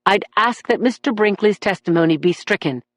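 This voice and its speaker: A woman doing a calm, measured defense lawyer. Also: high-pitched, no room sound, studio quality. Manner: even, measured, matter-of-fact. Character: cool, composed male defense attorney.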